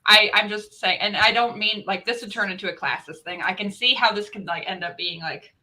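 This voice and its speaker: Bright-voiced opinionated woman. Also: medium pitch, brisk, poor audio. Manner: opinionated, rambling with restarts. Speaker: participant in group chat. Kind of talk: casual group chat.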